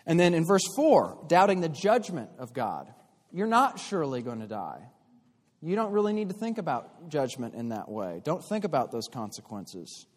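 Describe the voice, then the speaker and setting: A man teaching a church class in an explanatory way, pausing and restarting often. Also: on the high side, sing-song. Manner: explanatory, with frequent fillers and restarts. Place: church hall. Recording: long hall reverb.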